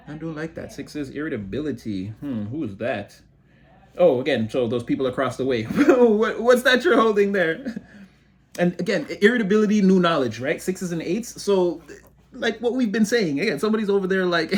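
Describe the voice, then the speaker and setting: A man giving a casual tarot reading, excitable and giggly, talking in a rambling rush that keeps breaking into laughter. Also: on the high side, moderate pace. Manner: excitable, giggly motor mouth. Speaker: tarot reader.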